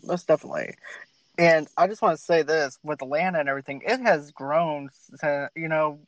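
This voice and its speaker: An enthusiastic male host from Boston chats with his guests and is quick to agree. His voice is high for a man. The sound is dull and dry, with little room around it. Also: no echo. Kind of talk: casual interview chat.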